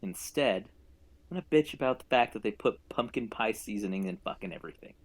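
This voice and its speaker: A man's voice: lowish voice, expressive, fairly quick. A man co-hosting a podcast, ranting in an exasperated comic tone. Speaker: podcast co-host. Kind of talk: comic rant.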